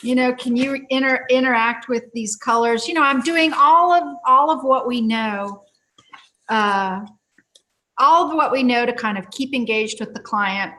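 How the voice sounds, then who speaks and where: A healing practitioner guest with a fairly high voice speaks at a measured pace, casually and lively recounting one of her healing sessions with many fillers, restarts, and frequent laughter. A little hiss or hum sits in the recording.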